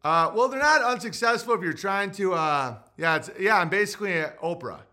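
Male podcast host, loud, rambling and mocking. Bright, tense, slightly high voice, talking over a live chat. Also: expressive, fairly quick. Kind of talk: livestream monologue reading chat.

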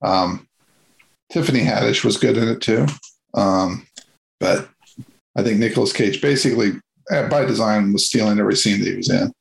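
A man's voice: lowish voice, normal speed, creaky, long pauses, poor audio. A man hosting a casual movie review chat, rambling and hesitant with many fillers and restarts.

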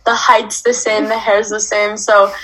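A woman's voice: medium pitch, flat delivery, measured pace, a bit bright, poor audio. A teenage girl chatting casually, rambling with many fillers. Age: teens. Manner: rambling, filler-heavy talk. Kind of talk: casual chat.

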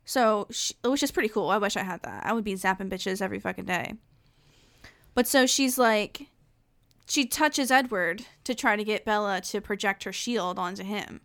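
A young woman co-hosting a podcast, speaking bluntly in casual chat, swearing and restarting in quick bursts. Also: medium pitch, a bit bright, dry recording. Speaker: podcast co-host.

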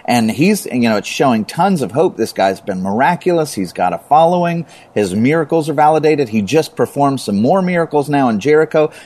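A man who has taught middle and high school, explaining Bible passages in conversation and building up to emphasis by repeating words. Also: very animated, fairly quick, few pauses, a little mellow. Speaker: Bible teacher.

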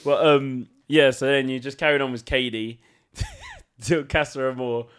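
A man hosting a podcast, excitable and teasing, laughing often as he chats with a guest. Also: medium pitch, normal speed, clear, resonant tone. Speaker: podcast host. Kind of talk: casual chat.

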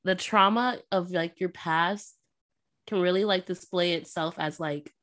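Young woman co-host, slightly low-pitched, relaxed and giggly book chat. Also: unhurried. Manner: relaxed, giggly, filler-heavy. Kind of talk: casual book club chat.

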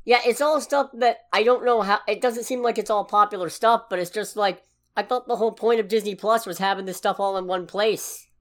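A woman co-hosting a casual podcast, her voice sitting at an ordinary middle pitch. She talks with a sarcastic bite, ranting about things that annoy her. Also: fairly even intonation, fairly quick. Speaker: podcast co-host. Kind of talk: casual chat.

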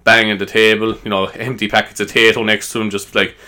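Tired, rambling Irish podcast host. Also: male voice, lowish voice, level tone, a little fast, pushed and bright. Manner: rambling, chatty, laughs at himself, tags "you know".

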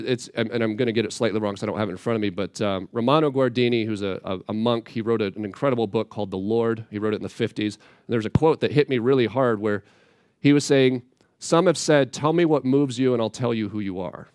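A man preaching a sermon as a conversational Bible teaching, plainspoken and casual, with animated asides. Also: mid-range voice, quick pace, no room sound, studio quality.

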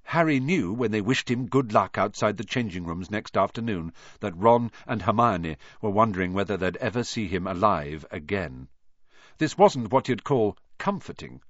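A man reading a storybook aloud as narrator, in an expressive, animated way. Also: lowish voice, no echo, lo-fi sound. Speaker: audiobook reader.

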